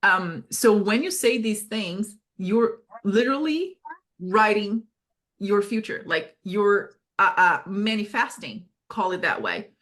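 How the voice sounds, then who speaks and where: A woman's voice: medium pitch, lively intonation, takes it slowly, a bit bright. A woman coaches a group over a video call, speaking in an encouraging, supportive way. She often circles back with fillers and restarts mid-thought, keeping a loose, conversational flow. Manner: encouraging, with frequent fillers and self-corrections.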